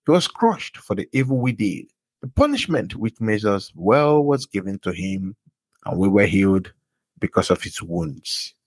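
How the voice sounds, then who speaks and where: Reading Bible verses aloud, a man with a low, husky voice names each book and verse first. He's very animated and unhurried, his pitch swinging widely as he lands on emphasis, and the sound is close and dry with no echo.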